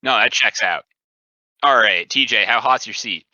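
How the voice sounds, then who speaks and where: A man hosting a casual podcast, quizzing his guest in a deadpan way. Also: on the low side, normal speed, no echo. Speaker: podcast host. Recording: dull lo-fi sound, dry.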